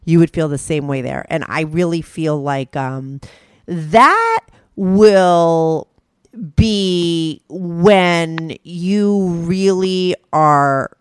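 A woman's voice: on the low side, expressive, drawn-out words, clear, resonant tone, no room sound, studio quality. A woman hosting a talk show, chatting casually and earnestly giving advice. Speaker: host. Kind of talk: casual chat.

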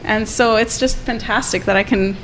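A woman's voice: mid-range voice, steady tone, normal speed, fairly bright tone, slight background noise, rough recording. A woman who owns a cafe and cooks there, chatting with enthusiasm about her food and laughing often on a food show. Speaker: cafe owner and cook. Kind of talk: casual chat on a food show. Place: restaurant.

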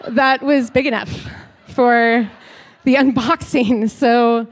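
A woman with a high voice tells a frank personal story. She is chatty and giggly, with plenty of fillers. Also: steady tone, slow pace.

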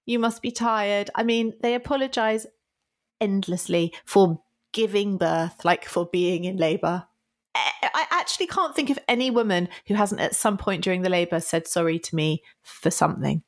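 A woman's voice: fairly low pitch, normal speed. A woman co-hosting a casual podcast chat, laughing often and stammering through playful apologies. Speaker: podcast co-host.

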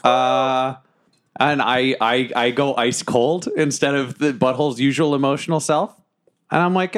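A man playing a cleric in a tabletop role-playing game, talking in an animated, profane way and laughing often. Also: mid-range voice, unhurried. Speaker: player. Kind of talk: tabletop role-play in character.

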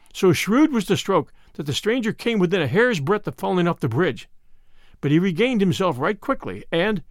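A man narrating an old-fashioned adventure story in an expressive storytelling manner. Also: sits high, no room sound, clean studio sound.

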